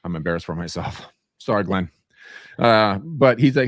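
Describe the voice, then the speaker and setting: A man co-hosting a casual podcast chat about real estate, an animated storyteller who acts out quoted people. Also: on the low side, moderate pace, no room sound, clean studio sound.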